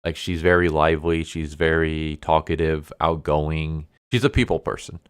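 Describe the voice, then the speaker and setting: A man's voice: extremely low pitch, steady tone, normal speed, clear, resonant tone, no echo, clean studio sound. A man casually recapping a manga story, chatty and amused, with many fillers. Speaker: manga reviewer.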